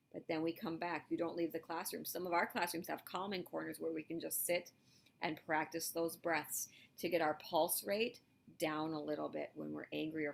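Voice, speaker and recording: Encouraging female teacher, lively delivery to young kids, a bit low-pitched. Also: vocal fry, slight background noise. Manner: lively, encouraging, talks directly to children. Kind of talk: video lesson for elementary students.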